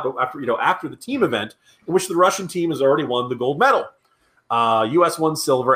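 A man's voice: medium pitch, fairly bright tone. A man co-hosting a political podcast, talking in a sarcastic, ranting way. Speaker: podcast co-host. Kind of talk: casual political chat.

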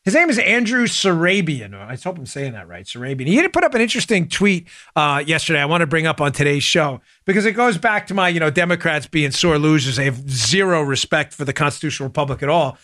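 Male political podcast host, chatty and keyed-up, crisp tense tone, dead-dry booth. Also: on the high side, quick pace, few pauses, no echo. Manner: animated, chatty, talks over clips. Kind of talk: political commentary show.

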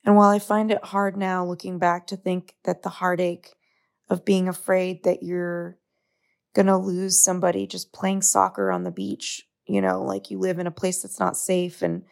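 A woman's voice: lowish voice, moderate pace, gravelly. A young adult woman from the United States hosting a solo podcast, talking in an earnest, open, confiding way. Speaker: podcast host. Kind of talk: solo reflective podcast monologue.

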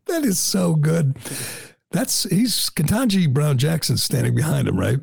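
Man, talk host, gravelly, husky, wry and chatty. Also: fairly high pitch, darkish tone, no echo, studio quality. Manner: chatty, wry, laughs often. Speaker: show host. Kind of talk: casual political talk.

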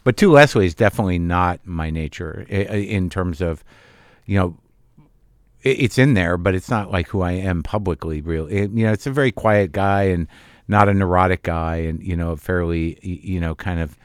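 A man with a fairly low voice chats in an interview, stopping and restarting his sentences and leaning on "you know". He sounds middle-aged. The recording is dry and close. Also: moderate pace, clear, resonant tone, no room sound. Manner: hesitant, many restarts and fillers. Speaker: actor guest. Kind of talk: casual interview talk.

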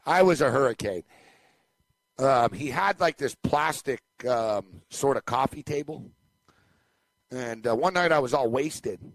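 A man's voice: mid-range voice, measured pace, no room sound. Man rambling through a story, dry studio sound. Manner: rambling, animated anecdote telling with laughs. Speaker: podcast co-host. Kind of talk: casual storytelling chat.

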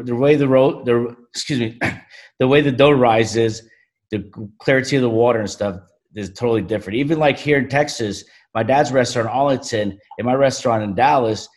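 A man's voice: medium pitch, brisk, darkish tone. A man with a Brooklyn New York accent, a pizzeria owner giving plainspoken, friendly answers as a guest in a casual interview.

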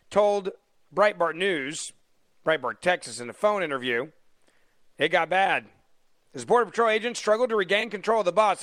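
A male talk radio host with a fairly high voice and a sarcastic, mocking delivery. He sounds close and dry, with no room around him, as he rants and then takes calls. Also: sharp tone, no room sound.

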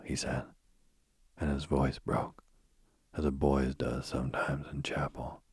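A man narrating a ghost story aloud in a hushed, often whispered delivery. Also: flat delivery, measured pace, no echo. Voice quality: very deep, husky voice.

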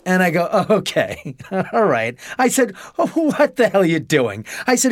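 A man telling a story as a podcast guest, animated and profane, acting out the dialogue. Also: fairly high pitch, brisk, dry recording. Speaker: homeowner guest.

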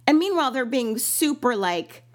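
A woman in casual conversation, animated and quick to laugh, still recovering from an illness. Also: high-pitched, noisy background. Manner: animated, laughs often, acts out quoted voices. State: recovering from illness, lingering cough. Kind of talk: casual storytelling chat.

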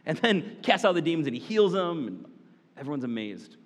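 A man preaching a sermon as a pastor, animated, with casual asides to the congregation. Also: on the high side, fairly quick, long reverb tail.

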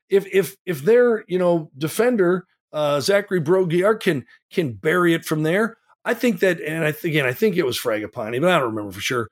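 A man co-hosting a soccer podcast, talking through a match in casual chat and getting animated when he makes a point. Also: fairly quick, hardly any pauses, dry recording, clean studio sound. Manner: animated, rises in pitch when making a point.

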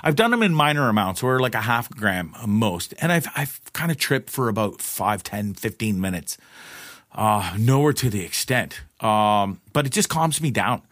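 A man's voice: on the low side, normal speed, no echo, clean studio sound. A middle-aged man hosting a podcast, telling a personal story in a loose, profane monologue with frequent laughs. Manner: animated, profane, laughs often, voices others in quotes. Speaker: podcast host.

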